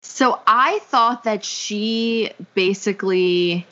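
A woman's voice: medium pitch, slow, bright, forceful tone, highs cut off. A woman co-hosting a casual podcast chat, speaking hesitantly with many fillers. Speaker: podcast co-host.

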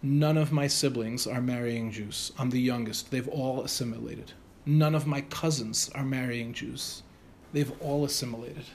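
A man speaking as an earnest young man, quiet and resolute. He talks slowly and solemnly, in a fairly high voice. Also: a little hiss or hum, lightly acted.

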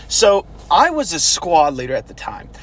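A man casually telling stories from basic training, animated and swearing, now and then shouting out quoted orders. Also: fairly high pitch, normal speed. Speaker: former army recruit telling stories. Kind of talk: casual storytelling chat.

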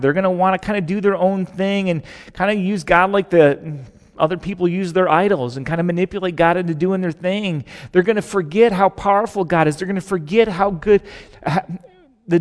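Middle-aged male pastor, slightly high voice, animated conversational sermon, live church hall reverb. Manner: conversational, animated preaching with shifting volume. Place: large church sanctuary.

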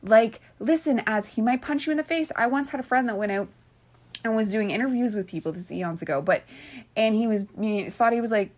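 A woman's voice: a little high, fairly quick. Rambling Valley-girl-ish woman podcaster. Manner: swears freely, earnest. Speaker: podcast host. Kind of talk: casual spiritual monologue.

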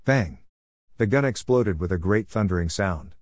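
A man reading a ghost story aloud in a measured, solemn narration style. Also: low voice, darkish tone, dry recording. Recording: dry close recording.

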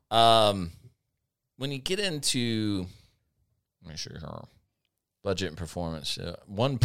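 Deep-voiced sardonic man telling stories. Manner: sardonic, animated anecdotes, laughs often. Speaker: podcast host. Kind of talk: casual chat, storytelling.

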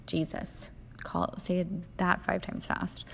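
A woman's voice: mid-range voice, big pitch swings, moderate pace, vocal fry, darkish tone, slight background noise. A young woman hosting a sassy, profane comedic monologue. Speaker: host.

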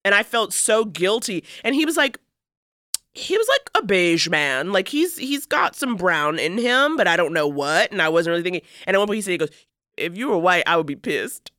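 A woman's voice: medium pitch, very animated, fairly quick, a bit bright, dry recording, clean studio sound. A woman co-hosting a podcast, telling a story in a rambling, self-mocking way, full of fillers. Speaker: podcast co-host. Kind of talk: casual storytelling chat.

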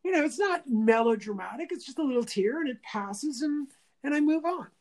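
Animated woman acting out quoted speech. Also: high voice, brisk. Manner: animated storyteller who acts out quoted speech; thinks aloud with frequent restarts. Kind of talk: casual conversational interview.

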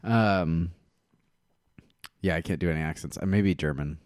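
A man's voice: low-pitched, moderate pace, darkish tone, clear, resonant tone, no room sound, clean studio sound. A man co-hosting a comedy podcast in casual chat, self-mocking and jokey. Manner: self-mocking, jokey, breaks into silly voices. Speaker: podcast co-host.

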